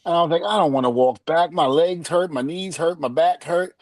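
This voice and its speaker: A man's voice: a little high, brisk, dry recording. A middle-aged man, a podcast guest, telling a story in casual chat and acting out each quoted line with laughter. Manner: animated, acts out quoted dialogue with laughs.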